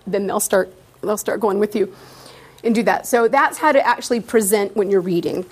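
A middle-aged woman teacher talking informally to fellow teachers, lively and acting out students' answers in little voices. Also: mid-range voice, moderate pace, husky. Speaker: teacher leading a workshop for teachers.

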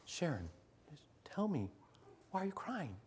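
A middle-aged man, a teacher addressing fellow teachers, telling a story earnestly, swinging from loud emphasis to hushed near-whispers. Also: on the high side, big pitch swings, unhurried, slight background noise. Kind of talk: storytelling talk to an audience.

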